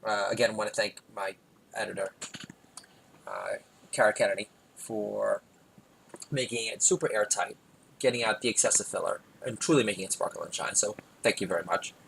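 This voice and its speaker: Guy doing a rambly comedy podcast monologue, self-deprecating, jokey, gets loud in bursts. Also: lowish voice, fairly even intonation, normal speed, gravelly, pauses often, slight background noise, low-quality recording.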